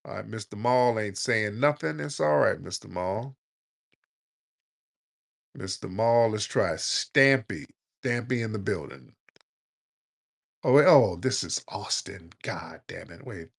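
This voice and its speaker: Male radio host, blunt, joking, scolding callers, lowish voice. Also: slow, gravelly, long pauses. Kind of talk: casual call-in show talk.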